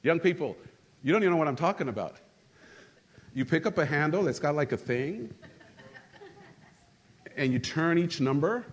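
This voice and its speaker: A middle-aged man preaches to his congregation in a church. His delivery is animated and humorous, rising for punchlines and dropping low and quiet for earnest points. He keeps drawing the room in with call-and-response. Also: moderate pace, long pauses. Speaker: pastor. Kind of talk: sermon. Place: church sanctuary.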